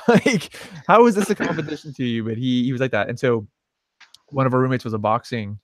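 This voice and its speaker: A man's voice: mid-range voice, brisk, no room sound. Young guy on a podcast rambling through a story, swears a lot, dry close sound. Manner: profane, animated anecdote telling with quoted voices. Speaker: podcast co-host. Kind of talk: casual storytelling chat.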